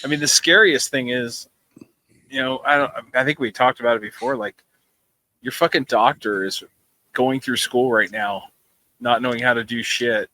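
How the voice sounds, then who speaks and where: A man's voice: mid-range voice, normal speed, bright, forceful tone, dry recording, rough recording. A man co-hosting a casual podcast, blunt and swearing, jumping in with short remarks and laughter. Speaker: podcast co-host. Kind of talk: casual chat.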